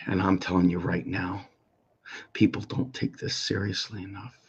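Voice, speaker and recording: A middle-aged man giving an impassioned, profane rant full of pleading questions, swinging between a raised voice and a low one. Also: flat delivery, normal speed, breathy edge. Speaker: political activist commentator. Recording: muffled lo-fi recording.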